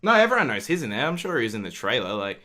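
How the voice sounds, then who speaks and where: A young man co-hosting a casual podcast chat, animated and jokey, laughing often. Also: mid-range voice, fast talker. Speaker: podcast co-host.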